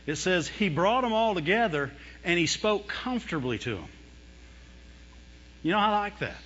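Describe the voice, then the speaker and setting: A man preaching a lively sermon, mimicking whining voices and laughing often as he talks. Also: high voice, moderate pace, in a large hall, a little hiss or hum. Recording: dull lo-fi sound.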